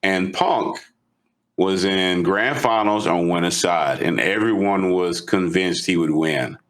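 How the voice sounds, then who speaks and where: A man co-hosting a podcast, retelling a story in an animated, casual way. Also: sits low, slow. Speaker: podcast co-host.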